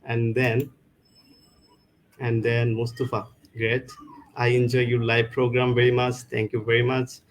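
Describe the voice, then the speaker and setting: A man hosting a live online English-speaking show, talking in a halting, loose way with many restarts over a video call. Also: medium pitch, monotone, a little hiss or hum, poor audio. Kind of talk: casual live-stream chat.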